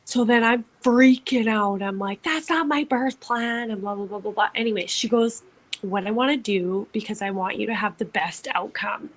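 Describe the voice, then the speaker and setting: A woman's voice: medium pitch, a bit bright, poor audio. A young woman co-hosting a podcast, telling a personal story in a chatty way, full of "like" and acted-out quotes. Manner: chatty, lots of "like", acts out quotes. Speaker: podcast co-host. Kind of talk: casual storytelling.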